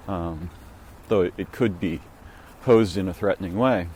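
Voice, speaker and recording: Low-voiced man musing on a walk. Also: expressive, a little mellow, husky. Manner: musing, meandering, halting restarts. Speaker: vlogger. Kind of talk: reflective walk-and-talk monologue. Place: outdoors, walking.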